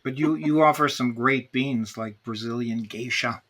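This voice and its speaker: A male interviewer with a bright, forceful voice keeps the chat light and playful. He echoes his guest's words back and adds short agreements. His pitch stays in the ordinary middle range. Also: moderate pace.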